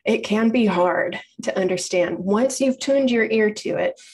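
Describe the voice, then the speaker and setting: A woman presents a library talk in a friendly, conversational way. She explains as she goes, circles back to fix her own wording and keeps things light. Her pitch sits in an ordinary middle range. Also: measured pace, a little mellow. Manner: chatty, explanatory, frequent self-corrections. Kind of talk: informal public lecture.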